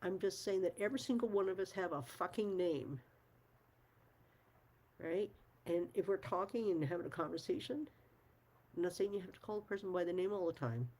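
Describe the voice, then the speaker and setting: A woman's voice: on the low side, fairly quick, pauses often, a little mellow. A middle-aged woman talking frankly to her viewers, emphatic, swearing at times and laughing often. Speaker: channel host. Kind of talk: casual talk to camera.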